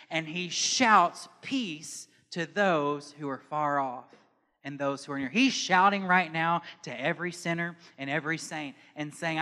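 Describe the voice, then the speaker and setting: A man preaching a sermon to a congregation in a church, moving from calm teaching to loud, impassioned preaching. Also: on the high side, in a large hall. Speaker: pastor.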